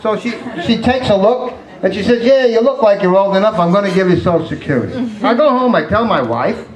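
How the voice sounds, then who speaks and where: A man's voice: high voice, lively intonation, a little fast, roomy sound, rough recording. A man doing a stand-up routine of one-liners, chuckling at his own jokes. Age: 60s. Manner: laughs at his own jokes, sighs "terrible". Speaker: stand-up comedian.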